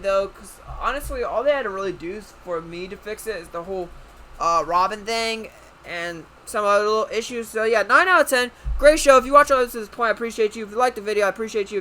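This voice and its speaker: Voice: mid-range voice, quick pace, sharp tone, slight background noise, low-quality recording. A video reviewer talking casually and loosely, rambling a bit and swearing now and then.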